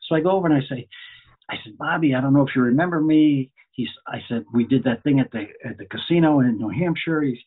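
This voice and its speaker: Middle-aged male comedian, anecdotal storyteller, husky tone, narrow lo-fi audio. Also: medium pitch, fast. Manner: chatty anecdotal storyteller, repeats phrases. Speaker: guest comedian. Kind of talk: casual storytelling.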